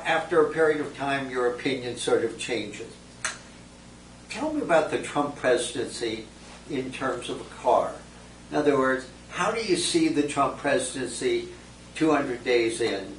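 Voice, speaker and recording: A man's voice: mid-range voice, lively intonation, unhurried, a bit bright. A man moderating a focus group, posing questions and calling on people by name, heard from a distance in a roomy space. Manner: poses questions, then calls on people by name. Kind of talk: guiding a group discussion. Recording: roomy distant recording with faint noise.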